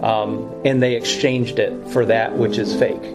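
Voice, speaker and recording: A man's voice: mid-range voice, little pitch movement, a little slow, loud music behind the voice, rough recording. A man teaching through Bible verses in a sermon style, earnest and explanatory, often correcting himself as he goes.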